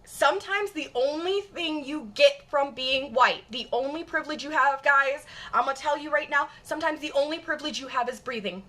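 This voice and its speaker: A woman with a general Michigan accent talks straight to her viewers in a casual chat. Her voice sits a bit high and rings bright and forceful. She is blunt and emphatic and swears freely. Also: normal speed, few pauses. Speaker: streamer.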